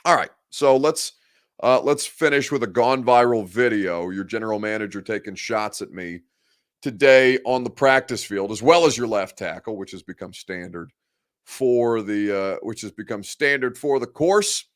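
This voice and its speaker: A man's voice: lowish voice, normal speed. A man hosting a casual sports talk show, joking about himself and breaking into mock rants. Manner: self-deprecating, jokey, ranting.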